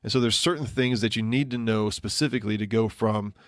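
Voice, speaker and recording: Quick talking podcast guy, lowish voice, lots of ums, dry close sound. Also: no room sound. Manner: rambling, with many ums and restarts. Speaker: podcast co-host. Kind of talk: casual podcast chat.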